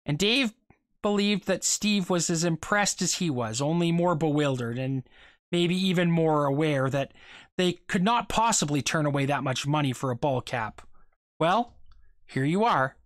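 A reader telling a short story aloud in a steady voice, with small stumbles and repeated words. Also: mid-range voice, normal speed, dry recording, studio quality.

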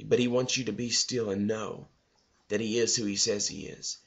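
A man's voice: fairly low pitch, normal speed, vocal fry. Man preaching casually on a lo-fi recording. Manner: loose and conversational, repeats words and says "you know". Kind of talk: casual devotional sermon.

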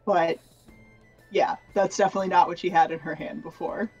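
A woman narrating as game master of a tabletop role-playing game, chatty and relaxed, with a lot of fillers. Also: lowish voice, a little fast, vocal fry, husky, muffled recording, soft background music. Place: home streaming setup.

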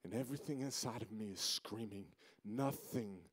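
A man in his thirties giving a sermon as a guest speaker, telling a personal story with emotion, dropping to a hush and then rising to loud, pleading questions. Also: mid-range voice, fairly quick, clean tone, no room sound. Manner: emotional, swings from hushed to loud. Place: church auditorium.

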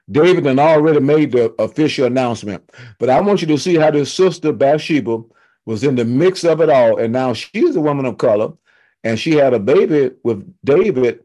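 A man teaching a church Bible study, retelling scripture in loose everyday speech with humorous asides and emphatic, slowed-down stresses. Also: mid-range voice, dark tone. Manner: fired up and emphatic, slowing to stress key words.

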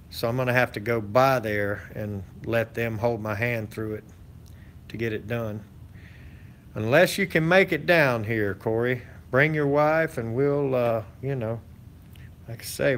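A man's voice: medium pitch, a little hiss or hum. A man hosting his channel, chatting casually with viewers in a rambling, folksy way full of fillers and restarts. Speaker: channel host. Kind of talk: casual live-stream chat.

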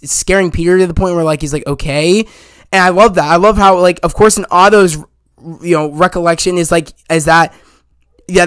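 A man giving a casual, excited spoiler review of a movie, retelling scenes in a rambling way with many restarts. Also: a little high, clean tone, dry recording.

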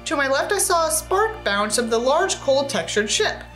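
A woman's voice: high-pitched, big pitch swings, moderate pace, a bit bright, faint music behind, rough recording. A woman reading a novel aloud as a book reviewer, breaking off for wry, sarcastic comments.

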